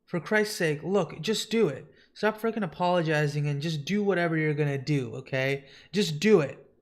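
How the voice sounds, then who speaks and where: A blunt, impatient young woman, voiced by a man who pitches his voice up. She talks fast and cuts things short. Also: natural voice.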